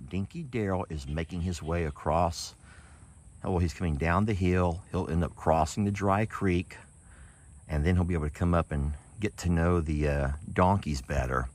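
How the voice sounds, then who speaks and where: A man narrating a casual vlog outdoors in a pasture, folksy and chatty, talking to his animals as he goes. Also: low voice. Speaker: animal sanctuary owner.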